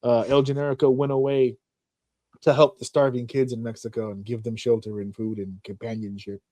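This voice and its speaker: A man hosting a wrestling podcast, telling stories in a profane, animated way, often mocking fans in put-on voices. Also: medium pitch, fairly quick, no echo. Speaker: podcast host. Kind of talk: casual chat.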